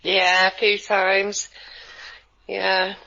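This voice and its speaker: A woman's voice: mid-range voice, monotone, extremely slow, creaky, pushed and bright, muffled recording. A woman co-hosting a radio chat, speaking in a wry, offhand way over a remote line. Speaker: co-host.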